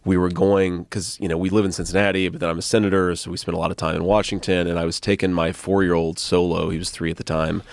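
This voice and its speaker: A man's voice: low voice, little pitch movement, quick pace, gravelly, few pauses, no echo. A man guesting on a podcast, telling stories in a casual way and often breaking into laughter. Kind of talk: casual storytelling.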